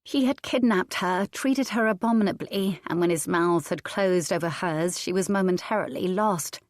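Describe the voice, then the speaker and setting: A woman with a lowish voice narrates a historical romance audiobook from a script, steady and measured in her storytelling. The recording is dry and studio-clean.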